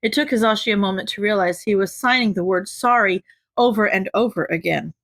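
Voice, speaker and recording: A woman narrating a fan fiction audiobook in a measured, gentle way. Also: mid-range voice, no room sound. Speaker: audiobook reader.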